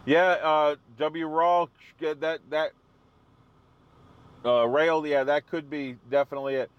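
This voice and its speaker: A man's voice: a little high, steady tone, a little slow, clean tone, lo-fi sound. A man hosting a live stream, chatting casually with viewers and answering their comments. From New England.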